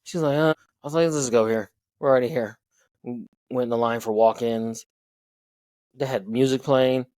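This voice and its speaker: A man's voice: medium pitch, steady tone, normal speed, a little mellow, dry recording, poor audio. A man, hosting a podcast and telling a story in loose, profane casual chat from a hotel room. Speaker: podcast host.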